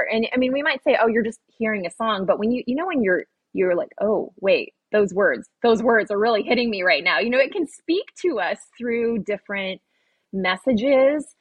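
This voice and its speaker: A woman's voice: mid-range voice, husky, no room sound. A woman on a podcast as a guest, earnestly explaining ideas and acting out inner voices in a casual conversational way. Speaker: podcast guest, intuition teacher.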